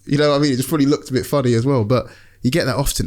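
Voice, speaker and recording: A young man in casual conversation, chatty and animated as he tells stories from his work. His voice sits at an ordinary middle pitch, and he slips into quick impressions of other people mid-sentence. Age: young adult. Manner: chatty storyteller, acts out patients' lines. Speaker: football club doctor, podcast guest. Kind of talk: casual chat.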